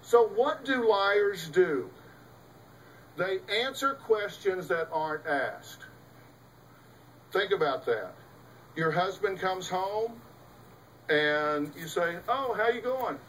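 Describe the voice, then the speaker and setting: A man's voice: high voice, animated, takes it slowly, pauses often, fairly bright tone, distant mic, slight background noise, rough recording. A middle-aged man, a host and psychologist, giving an emphatic, folksy talk to an audience, full of rhetorical questions. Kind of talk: lecture to a live audience.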